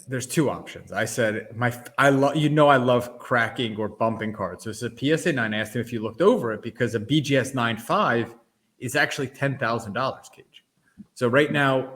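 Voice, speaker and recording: A man hosting a sports card podcast, chatting casually and thinking out loud. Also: mid-range voice. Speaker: podcast host. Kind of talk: casual chat.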